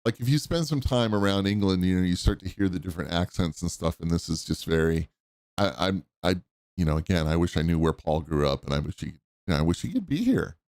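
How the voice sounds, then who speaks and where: A man's voice: low voice, darkish tone, no echo, studio quality. A man in his fifties hosting a podcast, chatting casually and enthusiastically, rambling a little with restarts as he comments on clips. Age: 50s. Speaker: podcast host.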